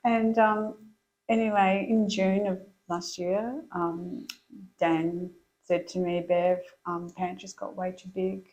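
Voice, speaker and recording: A middle-aged woman telling her story as an interview guest, chatty and quick to laugh. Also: on the low side, flat delivery, a little mellow, muffled recording. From Australia.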